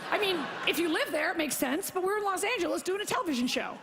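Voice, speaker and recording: A woman doing a stand-up comedy set, telling a story in a brash, profane, fast way and acting out both sides of the conversations. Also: very high-pitched, animated, noisy background. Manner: brash, profane, rapid storytelling with mock-quoted dialogue. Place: theater stage before a live audience. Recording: live concert recording with hall reverb.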